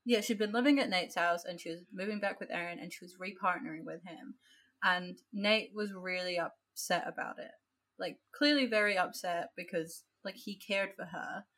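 A woman's voice: lowish voice, moderate pace, fairly bright tone. A woman with an Australian accent, co-hosting a casual book chat podcast and ranting in a chatty way with lots of fillers. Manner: chatty, heavy use of "like", ranting. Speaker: podcast co-host.

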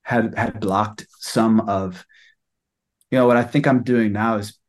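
A young man sharing a personal healing experience in a soft, halting way, with many pauses and fillers. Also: on the low side, fairly even intonation.

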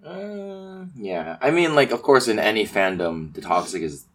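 A man's voice: lowish voice, very animated, measured pace. A man co-hosting a podcast in casual, joking chat with many fillers. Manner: laid-back, joking, lots of fillers. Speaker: podcast co-host.

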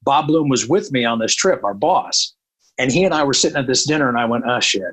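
A man's voice: medium pitch, fairly quick, breathy edge, rough recording. A man who works as a country radio programmer, telling a long anecdote in casual talk and acting out the dialogue. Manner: animated, quotes people in dialogue.

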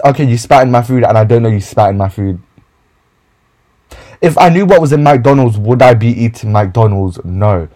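A young man with a husky, breathy voice, swearing freely as he rants through his stories. His pitch sits in a middle range for a man. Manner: animated, profane, ranting. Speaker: podcast host telling retail stories. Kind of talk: casual storytime rant.

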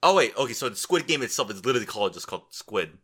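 With a husky, fairly bright, medium-pitched voice, a young man delivers rapid-fire, sing-song chatter on his solo podcast. He sounds tired, rambles, tells crude jokes, and thinks aloud while checking things.

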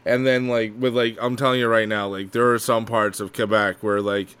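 A man co-hosting a podcast, chatting casually, swearing freely and slipping into quick impressions. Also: lowish voice, flat delivery, a bit bright, smooth. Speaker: podcast co-host.

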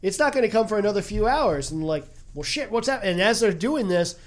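A woman hosting a casual podcast, retelling a movie scene by scene with quick quoted voices and plenty of swearing. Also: medium pitch, expressive. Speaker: podcast host. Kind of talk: casual chat recapping a movie.

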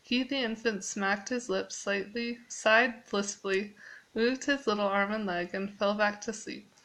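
Woman reading aloud, halting a little. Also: mid-range voice, vocal fry, a bit bright, poor audio. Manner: halting, rereads phrases. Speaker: reader. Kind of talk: reading a book aloud with comments.

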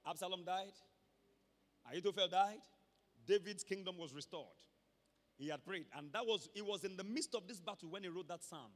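A man with a Nigerian accent preaching a sermon to his church, emphatic and rising from quiet talk to shouts. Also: high voice. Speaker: pastor. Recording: long hall reverb.

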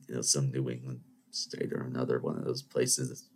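A young man with a very deep, low voice spins rambling anecdotes for a podcast. He drifts off on tangents, restarts his sentences and keeps circling back with asides. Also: completely flat delivery, normal speed, gravelly, a little mellow, husky. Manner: meandering, many restarts and asides. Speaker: podcast host.

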